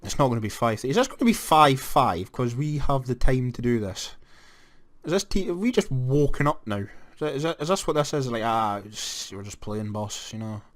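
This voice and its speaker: Excitable Scottish man commentating a game. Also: mid-range voice, moderate pace. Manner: animated, jumps to excited shouts at goals. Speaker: gaming commentator. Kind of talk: casual let's-play commentary.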